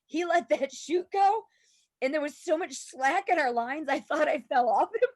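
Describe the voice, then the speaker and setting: High-pitched woman telling a story. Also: normal speed, dry recording. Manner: animated, laughs often, shrieks in quotes. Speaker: podcast guest, laughter coach. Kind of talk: casual storytelling.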